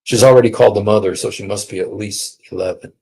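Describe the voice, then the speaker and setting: A man giving an emphatic, mocking polemical religious talk, swinging between loud and quiet. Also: fairly low pitch, fairly even intonation, quick pace, vocal fry, slightly rough. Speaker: preacher on a streamed show.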